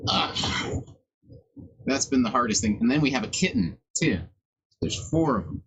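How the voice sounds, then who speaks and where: A man's voice: medium pitch, animated, measured pace, pauses often, a bit bright, breathy edge, rough recording. A man livestreaming while working on a song, chatting in a loose, rambling and profane way. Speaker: livestreamer making music. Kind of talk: casual live-stream chat.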